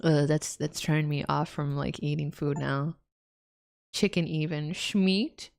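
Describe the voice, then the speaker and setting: Woman game streamer, reads story text and reacts, laughs a lot, slow delivery, low voice. Faint music behind. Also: creaky, a little mellow. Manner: laughs often, jumpy exclaiming reactions. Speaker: VTuber streamer.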